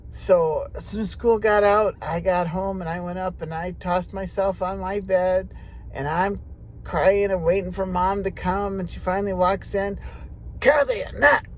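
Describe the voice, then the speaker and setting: A woman's voice: lowish voice, fairly even intonation, moderate pace, a little mellow, a little hiss or hum. An older woman telling a personal story in a folksy, chatty way, speaking directly to her viewers from inside a car.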